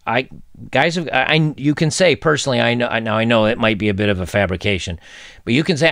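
Sarcastic man with a gravelly voice. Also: mid-range voice, quick pace, fairly bright tone, dry recording. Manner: sarcastic, mocking. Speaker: online commentator. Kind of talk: casual commentary vlog.

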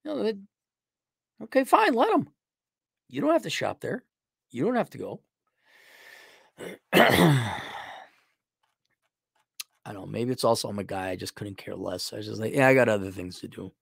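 A man's voice: mid-range voice, very animated, a little slow, creaky, long pauses, fairly bright tone, breathy edge, no echo, clean studio sound. A middle-aged man hosting a livestream, giving rambling, sarcastic opinions in a casual way. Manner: rambling and sarcastic, mocks with put-on voices. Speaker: livestream host.

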